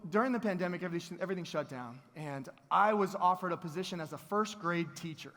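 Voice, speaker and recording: A man in his thirties gives a motivational keynote to a live audience. His voice sits fairly high, and he tells his stories with energy and playful asides. The sound carries a long reverb from a large event hall. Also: fast talker, sharp tone. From Texas. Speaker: keynote speaker.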